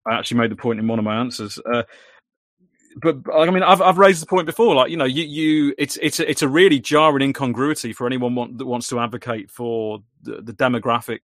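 A man speaking as a guest in casual conversation, animated and full of restarts, his voice starting to go hoarse. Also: mid-range voice, no room sound, clean studio sound. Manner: rapid, animated, many restarts. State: voice going hoarse.

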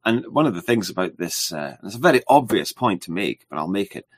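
A man with a deep, husky voice hosts a casual conversation, easing along with plenty of hesitation. The recording is close and dry. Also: a little fast, no echo. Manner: relaxed, rambling, hesitant.

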